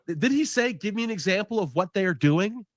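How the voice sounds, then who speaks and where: A man reacting to a call he was on, animated and exasperated, replaying clips. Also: high-pitched, quick pace, no echo. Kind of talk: casual reaction chat.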